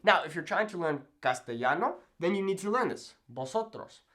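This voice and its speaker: Animated young man teaching at a whiteboard. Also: high-pitched, fairly quick. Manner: upbeat, chatty, checks in with 'okay?'. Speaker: Spanish teacher. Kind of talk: whiteboard language lesson. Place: room with a whiteboard.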